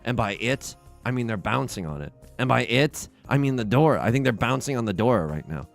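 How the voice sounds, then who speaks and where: Brief: young male streamer, first language Mandarin, casual rambling game commentary, animated and gravelly. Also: medium pitch, fairly quick, soft background music. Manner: rambling, self-deprecating, chatting with viewers. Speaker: livestreamer playing online mahjong.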